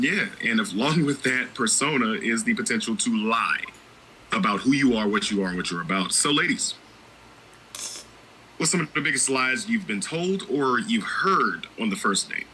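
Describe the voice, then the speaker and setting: Bright-voiced man hosting a podcast. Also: on the low side, expressive, moderate pace, slight background noise, poor audio. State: low on energy. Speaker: podcast host. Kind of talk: casual podcast chat.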